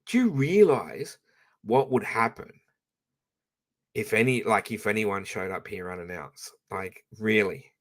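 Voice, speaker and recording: A man's voice: fairly low pitch, animated, a little slow. Blunt, swearing Australian man ranting. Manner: blunt and profane, rambling with restarts. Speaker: streamer talking to his audience. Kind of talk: casual live-stream rant.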